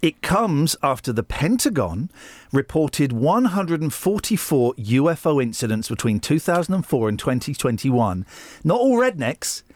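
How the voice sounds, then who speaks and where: A man's voice: a little high, sing-song, normal speed, darkish tone, dry recording. A man hosting a radio breakfast show, bantering and telling jokey stories in a studio. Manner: playful, teasing, jokey storytelling. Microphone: studio microphone.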